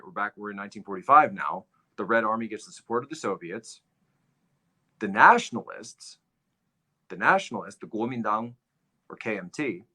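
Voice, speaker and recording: Man, commentary host, low voice, bright forceful tone, repeats phrases for emphasis. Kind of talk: livestream commentary, history lecture.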